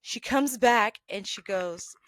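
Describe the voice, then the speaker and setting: Woman, podcast host, casual storytelling, animated and chatty, mid pitch, dry close sound. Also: dry recording. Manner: chatty and animated, acting out dialogue with quick asides. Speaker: podcast host telling work stories.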